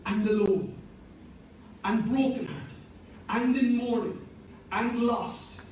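A man's voice: extremely high pitch, a little mellow, slight background noise. A man preaching a sermon in an earnest, repeating way that builds to emphatic points. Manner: earnest, repetitive, rising to emphatic. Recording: echoey hall, mic at a distance.

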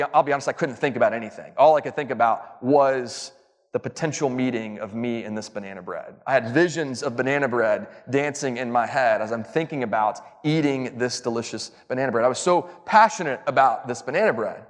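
A man's voice: mid-range voice, fairly quick. Man telling a story in a church hall. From Southern United States. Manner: chatty, self-mocking, builds to emphatic points. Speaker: church speaker giving a Bible lesson. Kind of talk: storytelling sermon. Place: church auditorium. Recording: long reverb of a large hall.

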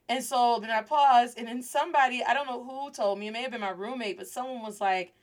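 A woman hosting a Spanish lesson, telling a lively story and drawing out key words for emphasis. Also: on the high side, brisk, hardly any pauses. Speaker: Spanish teacher and host.

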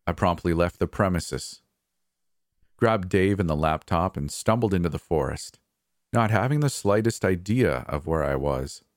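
A man's voice: low-pitched, animated, normal speed, no echo, clean studio sound. A man narrating a first-person horror story in an anxious, hesitant manner.

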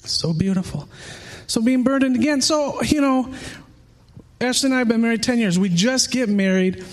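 A man with a notably high voice delivers a sermon in a warm, conversational way. He speaks earnestly and with feeling, weaving personal testimony into his preaching. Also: moderate pace. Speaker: pastor.

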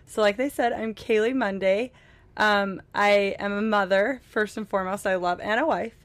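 A woman's voice: medium pitch, fairly even intonation, moderate pace. A young woman from Utah, a podcast guest telling stories in a chatty, laughing way on a cruise ship. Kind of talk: casual chat. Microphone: podcast microphone.

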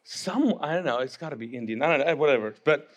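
A man preaching a sermon as pastor, animated and joking, acting out the voices of the figures in the story. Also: on the high side, fast talker, a little hiss or hum.

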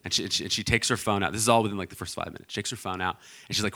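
A male pastor preaching a sermon in a relaxed, storytelling way, with lots of fillers and restarts. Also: lowish voice, racing, creaky. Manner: storytelling, conversational with many fillers.

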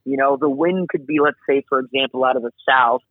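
A man working as an air traffic controller, talking casually and animatedly as an interview guest, explaining his job with quick asides, heard over a remote call. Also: mid-range voice, no echo. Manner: animated, chatty, acts out radio calls. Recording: tinny phone-like line.

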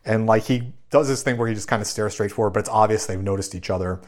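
A man's voice: fairly low pitch, fast. A man hosting a podcast, casually recapping a film scene by scene with many fillers. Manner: relaxed, filler-heavy recap. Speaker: podcast host.

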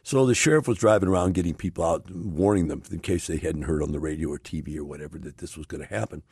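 A man's voice: low voice, fast, a little mellow, breathy edge, dry recording, studio quality. A man hosting a show, telling a folksy story and urging listeners emphatically to take responsibility. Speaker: host. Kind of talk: motivational storytelling talk.

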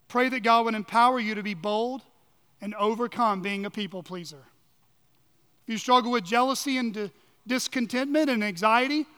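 Pastor, male, very high bright voice, earnest sermon, church hall with long reverb. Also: clean tone. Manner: earnest, emphatic, asks rhetorical questions. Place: church sanctuary.

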